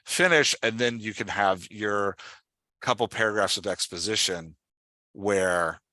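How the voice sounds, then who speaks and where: A man hosting a podcast, explaining with excited, fast-flowing talk in a casual discussion. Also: low-pitched, no echo. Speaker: podcast host.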